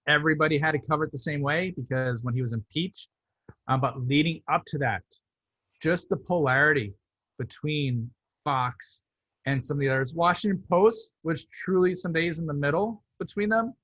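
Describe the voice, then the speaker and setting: Guy chatting about his art on a video call, lively storyteller, dull dry audio. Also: a little high, normal speed, no echo. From United States. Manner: animated storytelling, acts out quoted relatives. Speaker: artist. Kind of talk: virtual artist talk. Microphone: computer mic on video call.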